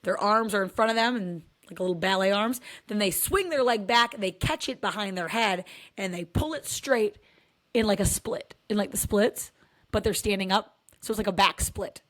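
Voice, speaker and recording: A woman's voice: medium pitch, normal speed, a bit bright. A woman, a dance mom, telling comic stories about her life in a candid, wry, self-mocking way that swears freely. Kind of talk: comedic personal storytelling.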